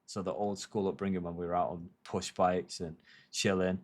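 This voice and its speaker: A man in his thirties with a very deep, low-pitched voice talks casually to his stream. He rambles and reflects, swearing freely, in a loose conversational flow. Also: fairly even intonation, normal speed. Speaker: livestreamer. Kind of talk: casual chat on a livestream.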